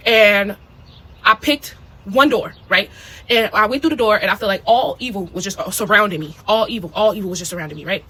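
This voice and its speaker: In a casual, animated video diary, a spiritual diarist tells a personal story, swearing freely and checking in with "you know" and "okay?". Her voice is mid-range and she talks fast. The recording is rough.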